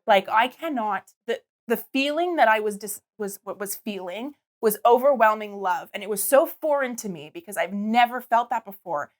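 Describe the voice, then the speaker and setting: Young mom hosting a podcast, rambly and chatty, keeps restarting sentences. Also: female voice, fairly high pitch, lively intonation, moderate pace, hardly any pauses. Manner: rambling, restarts often, quotes herself. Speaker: podcast host. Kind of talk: casual personal storytelling.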